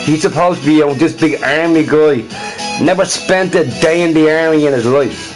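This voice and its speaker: Male streamer, fairly high-pitched, heated and repetitive, addresses viewers directly, faint music behind. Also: normal speed. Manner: emphatic, repeats his points; talks to chat viewers directly. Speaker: livestream host. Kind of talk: casual livestream rant.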